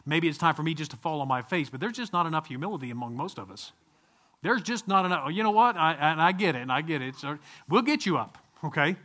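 Bright-voiced man preaching conversationally. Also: fairly high pitch. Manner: conversational, animated, with asides and laughs. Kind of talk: sermon.

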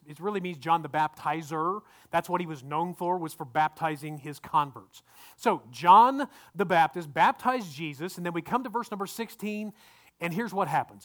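A male pastor delivers a conversational sermon, frequently repeating words and posing questions to the congregation. His voice is high with a fairly bright tone.

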